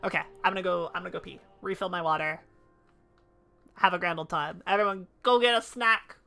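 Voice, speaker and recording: A woman livestreaming a game, chatting casually and excitably with her viewers. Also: on the low side, fairly quick, gravelly, faint music behind. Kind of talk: casual live-stream chat while gaming.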